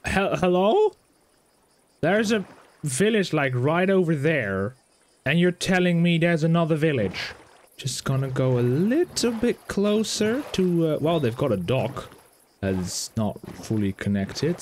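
A man talks his way through a game in a relaxed, chatty way, joking with the characters he runs into. His pitch swings widely from low mutters to bright exclamations. A faint hiss sits under the recording. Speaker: gaming YouTuber. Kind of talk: casual gameplay commentary.

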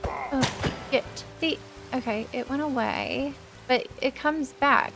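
A woman's voice: on the high side, slow, gravelly, fairly bright tone. A young woman, hosting a casual gameplay let's play, chatty and easily distracted, exclaiming often. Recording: light background music.

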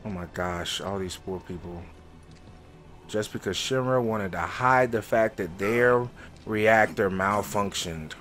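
A man's voice: on the low side, slow pace, a bit bright, faint music behind. A man hosting a let's play, rambling and thinking aloud as he reacts emotionally to the story. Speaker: gaming host.

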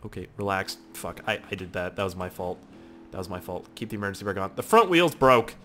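A young man giving casual gameplay commentary, excitable and mock-despairing, swearing at the crashes as he plays. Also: low-pitched, fast, soft background music. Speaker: gaming YouTuber.

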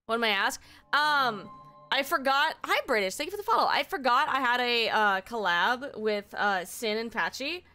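A woman with a bright, clear, slightly high voice chats on a live stream. She is excitable and swears freely. Her voice is still recovering from strain. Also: normal speed, faint music behind. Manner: excitable and heavily profane. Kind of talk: casual live-stream chat.

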